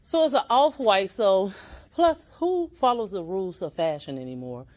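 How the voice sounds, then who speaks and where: A woman with a medium-pitched, darkish voice and lively intonation hosts a casual shopping vlog at a normal pace. Chatty and upbeat, she talks straight to her viewers while touring an indoor boutique on a handheld camera.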